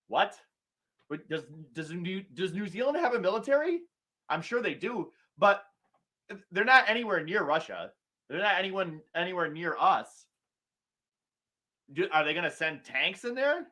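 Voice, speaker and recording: A man's voice: high voice, sing-song, normal speed, bright, forceful tone. A middle-aged man hosting a political talk show, ranting sarcastically and mocking politicians in put-on quotes.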